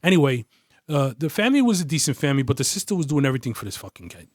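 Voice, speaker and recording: A man, a retired detective as a podcast guest, telling a story in a casual, profane, animated way. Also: mid-range voice, very fast, dry recording, studio quality. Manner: profane, animated, acts out quoted voices.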